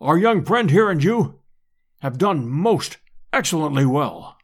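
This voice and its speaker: A man voicing a pompous elderly professor who speaks formally and loudly. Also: fairly high pitch, very animated, a little slow, slightly rough, full character voice.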